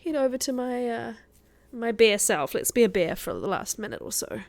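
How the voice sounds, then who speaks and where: A woman's voice: fairly high pitch, very animated, normal speed, vocal fry, a little mellow. A woman chatting casually as a guest streamer while she plays a survival game, laughing often. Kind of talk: casual gameplay commentary.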